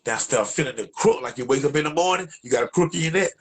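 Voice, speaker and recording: A young man with an Atlanta, Georgia accent, telling a story in a casual, animated and profane way and acting out the other voices. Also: a little high, fast, breathy edge, low-quality recording.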